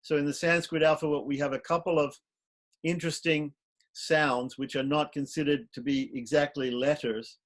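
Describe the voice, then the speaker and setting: A man with a somewhat raised pitch teaches a class on ritual. He explains patiently and step by step, and breaks into short chanted mantras as he goes. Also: steady tone, normal speed. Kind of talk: online class lecture.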